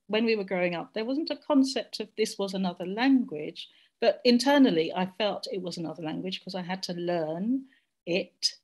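Middle-aged woman from Jamaica, panelist on a video call, reflective, mid-pitched. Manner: reflective, searching for words. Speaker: discussion panelist. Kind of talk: personal reflection in a group discussion.

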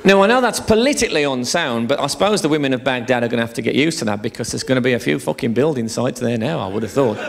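A man's voice: mid-range voice, animated, fast, vocal fry, few pauses, slight background noise. A man doing a live stand-up routine on a theatre stage, telling bawdy, swear-laden stories in a chatty way. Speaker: stand-up comedian.

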